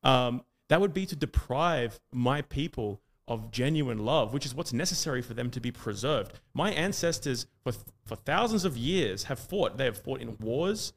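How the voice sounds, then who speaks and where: Speaking at a normal speed with hardly any pauses, an Australian man delivers an argumentative debate monologue. His mid-range voice has lively intonation, and his long run-on sentences are full of fillers.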